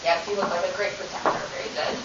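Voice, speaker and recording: A woman's voice: fairly low pitch, little pitch movement, fast, fairly bright tone. A woman teacher leading a drama workshop for children, upbeat and encouraging as she hands out roles. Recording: echoey, distant, dull lo-fi with hiss.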